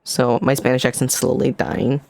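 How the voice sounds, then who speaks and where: A woman's voice: extremely low pitch, monotone, normal speed, creaky, a little mellow, no echo. A woman streamer and game master chatting casually in a flirty, playful, laid-back manner. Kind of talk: casual chat.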